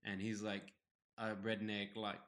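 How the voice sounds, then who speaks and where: A man in his twenties co-hosting a podcast, telling stories in a relaxed, casual chat. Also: on the low side, measured pace. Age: 20s. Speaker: podcast co-host.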